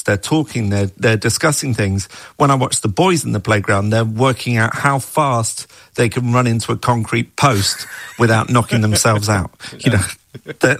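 Gravelly, thoughtful middle-aged man. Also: medium pitch, normal speed, fairly bright tone, no echo. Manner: thoughtful, musing, with small laughs. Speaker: guest, screenwriter of the adaptation. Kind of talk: reflective interview talk.

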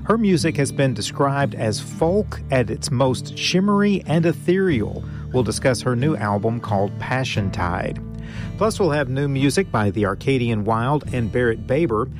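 A man's voice: medium pitch, lively intonation, normal speed, over music. Male radio announcer reading an upbeat promo.

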